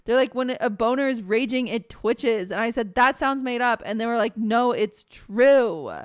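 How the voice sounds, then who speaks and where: A young woman streamer telling a story casually, animated, acting out quotes and swearing often. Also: on the high side, brisk, clean tone, no room sound, studio quality.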